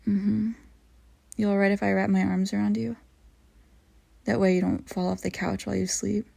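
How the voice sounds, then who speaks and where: A young woman in a whispered role-play as an affectionate roommate, talking softly with gentle teasing. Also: mid-range voice, little pitch movement, normal speed, creaky. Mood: tender. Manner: soft, teasing and tender. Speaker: audio role-play performer.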